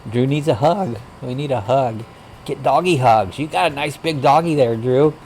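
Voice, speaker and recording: A man's voice: medium pitch, moderate pace, darkish tone, a little hiss or hum. A man hosting a casual livestream chat, reading viewer comments aloud and greeting people in a folksy, rambling way. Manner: rambling, frequent uh fillers. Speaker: livestream host.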